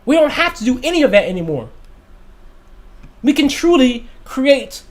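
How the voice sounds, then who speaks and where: A man's voice: very high-pitched, sing-song, normal speed. A young man hosting a livestream, talking in a passionate, emphatic way and repeating his points. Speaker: livestream host. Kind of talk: casual livestream talk.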